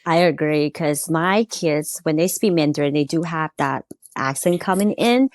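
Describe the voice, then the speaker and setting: A woman hosting a podcast interview, agreeable and quick with murmured backchannels. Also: sits low, darkish tone, dry recording, clean studio sound. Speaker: podcast host. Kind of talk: casual interview chat.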